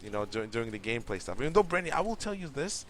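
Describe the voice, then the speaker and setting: A man's voice: medium pitch, sing-song, racing. A young man co-hosting a late-night gaming stream, chatting casually while he plays, rambling and opinionated and swearing freely. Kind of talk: casual gameplay chat.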